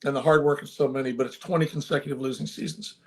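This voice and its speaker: An older man, a former baseball manager, telling an emotional story in an interview with earnest, animated delivery. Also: medium pitch, quick pace. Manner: earnest, animated, with frequent restarts.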